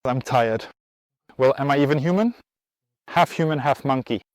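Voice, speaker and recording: A man's voice: fairly high pitch, brisk, darkish tone, no echo. Breathless man teaching outdoors, dry sound. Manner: tired, chatty, encouraging. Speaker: riding instructor and host. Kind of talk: casual outdoor lesson vlog. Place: outdoors at a riding spot in the heat.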